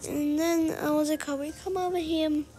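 A woman's voice: high voice, fairly even intonation, fairly quick, mellow, faint music behind, low-quality recording. A woman narrating a recorded voice-over of her gameplay in a rambling, chatty way that turns annoyed easily. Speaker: gameplay commentator.

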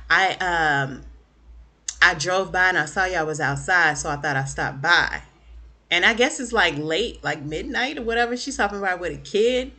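A woman casually recapping a TV episode for her viewers, chatty and animated, acting out the characters' lines. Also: fairly low pitch. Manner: chatty, lots of fillers and asides to viewers. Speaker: TV recap vlogger.

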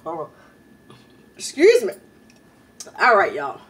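A woman's voice: fairly low pitch, wildly swooping pitch, slow, distant mic. A woman hosting a mukbang video at home, chatting in slang between bites and laughing often. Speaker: YouTube mukbang host. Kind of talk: casual eating-show chat.

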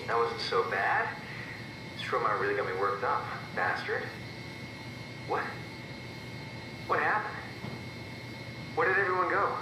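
A man's voice: big pitch swings, unhurried, long pauses. An actor voicing a confused, frightened man waking in a simulation in a video game, his questions turning frantic. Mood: groggy. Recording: echoey, distant game audio over rumble.

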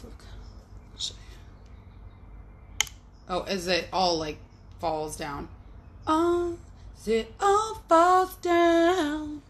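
A young woman talks away as she scrapes at her art supplies, rambling from thought to thought and muttering to herself. Her voice sits at an ordinary middle pitch, with a faint hiss of noise underneath. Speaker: artist livestreaming. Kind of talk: casual chat while working.

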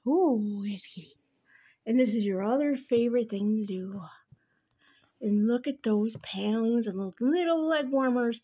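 Young woman baby-talking her cat, super high and swoopy, singsong and doting. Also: expressive, normal speed, dark tone, husky. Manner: sing-song, doting, repeats words and spells them out. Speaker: cat owner filming her pet. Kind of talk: cooing baby talk to a pet.

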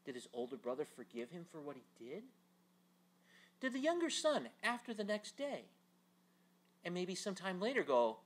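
A man teaching a Bible class, telling the story in an animated way with rhetorical questions. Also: sits high, normal speed, long pauses.

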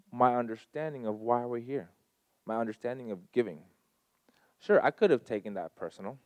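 Speaking to a live audience at a community gathering, a man with a medium-pitched voice and no echo tells personal stories earnestly. His heartfelt delivery is marked by emphatic swings in volume.

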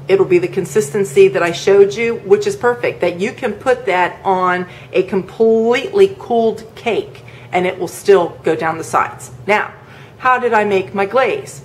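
A woman's voice: mid-range voice, a little hiss or hum. A woman from the northern United States hosting a home cooking video, chatting casually as she demonstrates a recipe, with fillers and rambling asides.

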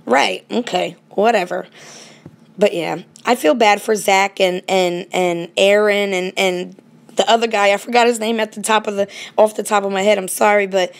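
A woman's voice: mid-range voice, normal speed, gravelly. A woman paranormal vlogger ranting casually and indignantly straight to her viewers. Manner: animated, indignant, talks to viewers directly. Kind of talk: casual direct-to-camera rant.

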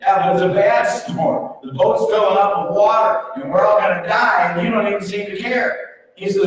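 Pastor, male, folksy storyteller with a high voice; heard from afar in a big reverberant church. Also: normal speed. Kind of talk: sermon. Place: church sanctuary. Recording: echoey hall, mic far off.

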